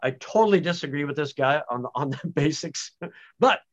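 A man who researches home-based education, speaking as an animated, emphatic guest in a conversational podcast interview. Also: a little high, fairly quick. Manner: animated, emphatic, frequent restarts. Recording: dull lo-fi audio.

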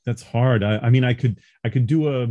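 A man's voice: mid-range voice, brisk, no room sound, dull audio. A man in his forties from Long Island, an adjunct professor talking as a guest over a video call, earnest and explanatory, laughing easily. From Long Island, New York. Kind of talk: casual interview talk.

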